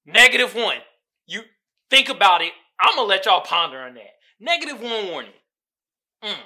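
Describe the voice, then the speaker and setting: A man's voice: high voice, very animated, normal speed, bright, forceful tone. A man hosting a podcast, talking in a loose, profane commentary monologue and slipping into quoted voices of other people. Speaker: podcast host.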